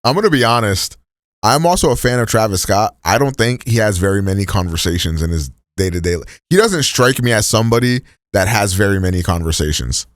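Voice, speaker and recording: A man's voice: lowish voice, lively intonation, brisk, dry recording, clean studio sound. A man streaming live, chatting casually in a rambling, profane, slang-heavy way as he reacts to videos.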